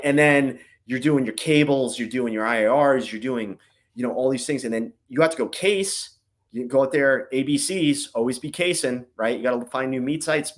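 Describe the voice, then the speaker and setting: Rambling man full of "right?". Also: mid-range voice. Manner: rambling, filler-heavy, keeps adding "right?". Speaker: guest, former intelligence officer. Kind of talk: casual interview chat.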